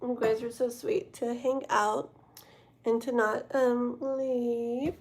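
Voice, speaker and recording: A woman's voice: fairly high pitch, little pitch movement, slow, darkish tone. Tired, chatty woman reading tarot live. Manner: chatty and rambling, talking to viewers in chat, many fillers and self-corrections. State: tired and yawning. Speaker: tarot reader hosting a livestream. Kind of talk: casual livestream chat.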